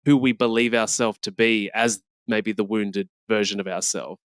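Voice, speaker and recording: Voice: mid-range voice, steady tone, normal speed, no room sound. A podcast host in casual chat, reflective, offering short thoughts and affirmations.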